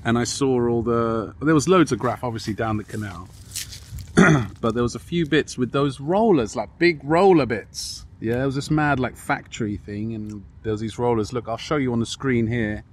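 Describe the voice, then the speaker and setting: A man's voice: medium pitch, moderate pace, a little hiss or hum. A young man, chatting casually on a podcast, laid-back and reassuring, swearing casually, recorded outdoors by a railway track. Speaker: podcast co-host. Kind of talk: casual chat.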